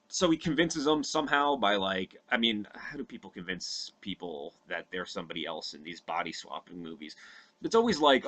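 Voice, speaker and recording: A young podcast host with a voice on the low side recalls a movie plot at a moderate pace, his tone a bit bright and his pitch swinging widely. He tells it casually, rambling and cursing, with many fillers.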